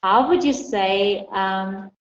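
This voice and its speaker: A woman whose first language is Armenian, teaching an online English class and patiently repeating model phrases slowly. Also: mid-range voice. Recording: roomy, dull lo-fi audio with faint hiss.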